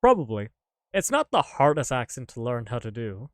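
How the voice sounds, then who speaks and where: A man's voice: mid-range voice, sing-song, moderate pace, dry recording. A man chatting casually to his live-stream audience while gaming, rambling, joking and swearing offhandedly.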